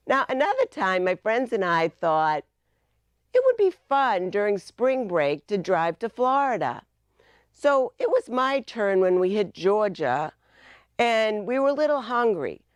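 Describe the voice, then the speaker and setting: A woman's voice: medium pitch, sing-song, a little slow, no room sound. A woman with a Boston accent, giving a humorous icebreaker speech in a playful storytelling manner, on a video call. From Massachusetts, US. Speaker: club speaker.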